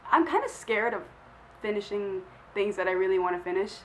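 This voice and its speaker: A woman's voice: mid-range voice, lively intonation, brisk, a little hiss or hum, poor audio. A young woman who is feeling sick, chatting casually to camera as she answers questions in a rambling, self-deprecating way full of filler words. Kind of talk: casual chat.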